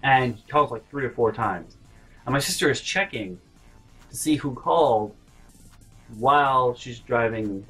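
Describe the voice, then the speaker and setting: A man's voice: mid-range voice, expressive, measured pace, long pauses, bright, forceful tone, breathy edge, faint music behind, poor audio. A man hosting a storytime vlog, rambling and interrupting himself, dropping to mutters. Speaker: vlog host.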